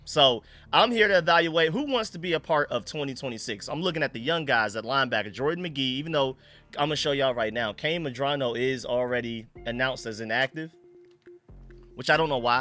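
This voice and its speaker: A man hosting a casual sports fan live stream, excitable and slangy, greeting chat viewers by name. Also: medium pitch.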